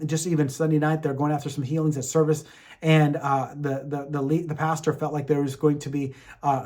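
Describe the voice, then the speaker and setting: A man hosting a faith podcast, telling miracle stories in a lively way and acting out what people said, with many fillers. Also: on the high side. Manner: animated storyteller, acts out quotes, many fillers. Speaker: podcast host. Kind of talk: faith testimony storytelling.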